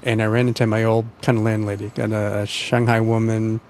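Male radio host, measured questioning. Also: on the low side, flat delivery, a little mellow, slight background noise. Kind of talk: radio interview and show hosting.

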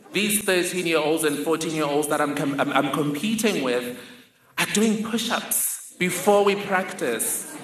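Man, storyteller with dry humor, bright and a bit high, roomy hall sound. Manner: humorous, vivid personal storytelling. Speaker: speaker. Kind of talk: storytelling talk.

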